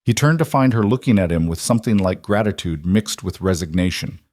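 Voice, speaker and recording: A man reading a western story aloud with brisk, dramatic pacing. His voice sits fairly low, and the recording is dry and close. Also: a little mellow, dry recording. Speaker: narrator. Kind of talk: dramatic audiobook narration.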